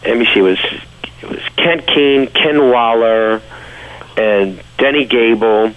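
A man's voice: mid-range voice, measured pace, phone-quality sound. A man with a New York accent, a guest telling stories in a casual interview. He rambles with fillers and restarts.

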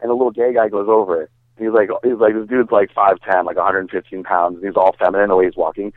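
A man with a lowish voice and fairly even intonation talks fast, a bodybuilder guest rambling casually through a story packed with fillers and swearing. The recording is dry and tinny, like a phone.

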